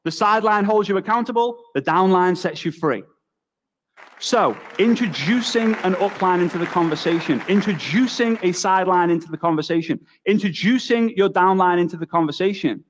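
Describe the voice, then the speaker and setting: A young man with a Liverpool accent giving a motivational talk on network marketing, telling stories with energetic, quick repetitions. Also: sits high, slight background noise. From England.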